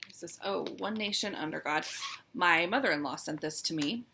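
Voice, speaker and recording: Woman vlogger, casual show-and-tell, warm fondness, gravelly edge. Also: lowish voice, normal speed, a little hiss or hum. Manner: chatty, wistful, fond, with many "um"s. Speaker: cross-stitch vlogger.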